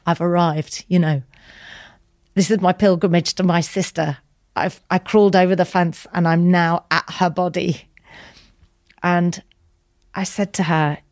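A woman with a low voice tells a tender, candid story as an interview guest. She is chatty and acts out quoted lines, sometimes dropping into whispers. The recording is close and dry. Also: darkish tone, no room sound. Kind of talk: emotional personal storytelling.

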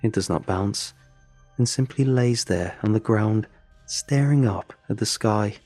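A man narrates a first-person horror story in a low, dark and husky voice. His telling is measured and brooding, with faint music under it. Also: no echo.

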